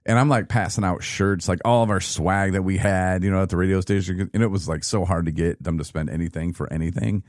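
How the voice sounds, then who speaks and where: A man in his thirties from Michigan, telling his own story in a casual, animated podcast chat and acting out what people said. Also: deep voice, fairly quick, hardly any pauses, no echo, studio quality. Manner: animated, laughing, acts out quoted people. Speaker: podcast guest.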